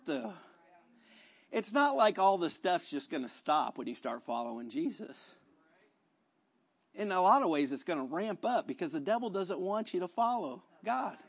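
A male pastor preaching a sermon in a conversational, animated style, acting out quotes as he tells stories. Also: high-pitched, lo-fi sound.

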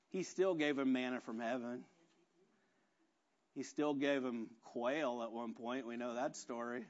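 A man's voice: medium pitch, dull audio. A man preaching a conversational, self-deprecating sermon full of rhetorical questions. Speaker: pastor.

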